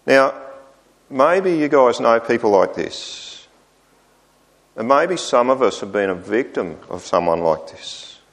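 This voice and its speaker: A man preaching a sermon, voicing the psalmist's complaints with lively rises. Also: mid-range voice, takes it slowly.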